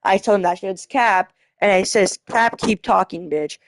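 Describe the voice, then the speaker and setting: A woman tells a story in a casual vlog rant, rambling, restarting her sentences and swearing as she goes. Her voice sits in a middle pitch, and the recording is dry and close, with no room sound. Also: moderate pace, dry recording. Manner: rambling, restarting and swearing while retelling a chat argument. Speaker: vlogger.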